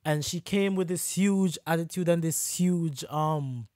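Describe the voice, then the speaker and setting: A man co-hosting a casual podcast, telling a work story in an animated, ranting way and mimicking rude customers. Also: on the high side, measured pace, dry recording, clean studio sound. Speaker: podcast co-host.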